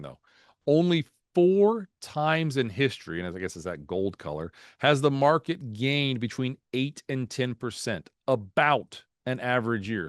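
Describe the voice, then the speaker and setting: Guy walking through market charts on a video call, chatty and jokey, mid-pitched, dry sound. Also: dry recording. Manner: animated, folksy, tells jokes and anecdotes. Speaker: market strategist presenting. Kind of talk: webinar presentation over slides.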